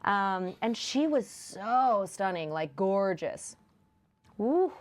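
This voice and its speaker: A woman's voice: mid-range voice, animated, slow pace. A woman hosting a podcast, reviewing a movie in casual chat, chatty and laughing often. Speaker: podcast host.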